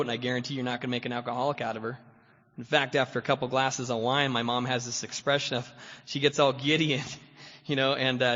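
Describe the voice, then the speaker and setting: A man telling his story as guest speaker at a recovery meeting, loose and rambling, dotting every sentence with fillers and little chuckles. His voice is bright and forward. The sound is a dull, lo-fi recording with long reverb from a meeting hall. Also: mid-range voice. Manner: rambling, full of "you know" fillers, chuckles often. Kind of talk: personal recovery testimony.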